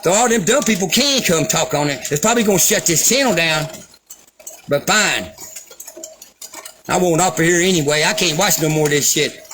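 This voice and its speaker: A man's voice: fairly high pitch, expressive, moderate pace, long pauses, sharp tone, a little hiss or hum. A man delivering an angry, profane, sarcastic rant as a vlogger. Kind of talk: angry ranting commentary.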